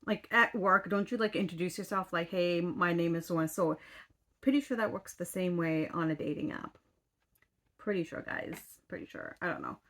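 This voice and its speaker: A woman's voice: fairly low pitch, moderate pace, a bit bright. A woman in her thirties telling a story in casual chat as a vlogger, exasperated, swearing casually and full of fillers. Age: 30s.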